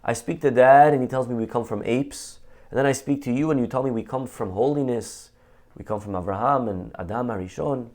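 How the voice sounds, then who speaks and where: A man's voice: medium pitch, brisk, a little mellow, natural voice. A man voicing a young boy in a told joke, asking eager questions in his own everyday voice. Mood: curious. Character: young boy preparing for his bar mitzvah.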